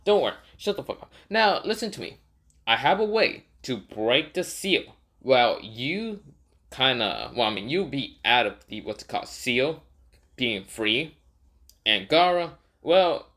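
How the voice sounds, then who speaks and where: A man's voice: medium pitch, very animated, unhurried, fairly bright tone. A scheming young ninja who gives blunt orders in an everyday male voice, voiced by a storyteller. He rambles and corrects himself as he talks, far more casual than heroic. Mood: bossy.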